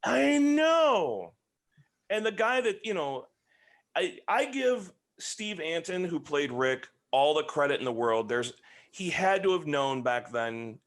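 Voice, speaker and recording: A man in his forties, a podcast guest, joking around in animated casual chat. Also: on the high side, unhurried. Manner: animated, joking, voices other people.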